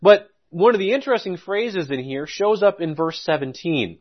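A preacher with a somewhat high, lively-inflected voice reads scripture deliberately, then moves into plain, conversational teaching, sometimes restarting phrases. The sermon's recording is dull and lo-fi.

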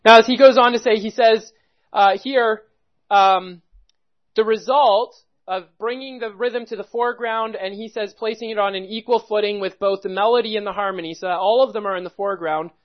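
A man's voice: high voice, steady tone, moderate pace. A man preaching a sermon, reading quotations aloud and commenting on them earnestly, repeating key phrases for emphasis. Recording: dull lo-fi recording.

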